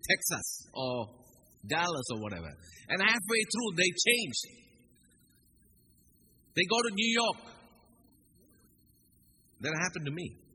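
A man preaching a sermon, telling a story with great animation and acting out the other voices, swinging from loud bursts to hushed tones. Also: high voice, a little hiss or hum, low-quality recording. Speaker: pastor.

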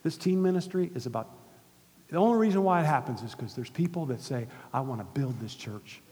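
A middle-aged man preaching a sermon in a conversational way, dropping soft and then rising loud, in a church hall. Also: mid-range voice, animated, brisk. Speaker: pastor. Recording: long reverb of a church hall.

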